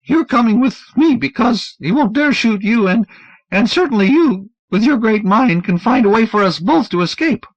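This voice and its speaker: A man's voice: sits high, animated, normal speed, no room sound, pitched above the performer's own voice. A man voicing a frantic, stammering man running from gangsters, stuttering on first sounds. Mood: urgent. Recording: dull, dry audiobook recording.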